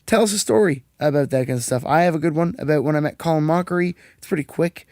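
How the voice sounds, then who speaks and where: Young man, swearing storyteller, slightly high voice, dry close sound. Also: quick pace, darkish tone, no room sound. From Canada. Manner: profane, rambling storyteller who acts out quotes. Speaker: podcast host. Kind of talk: casual podcast chat.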